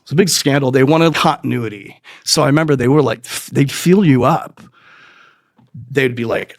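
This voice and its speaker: A man spins a rambling, profane comic story as a podcast host, his voice sitting in a middle register. He recorded it close and dry, with no room around him. He keeps breaking into squeaky quoted voices. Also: moderate pace, no room sound. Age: adult.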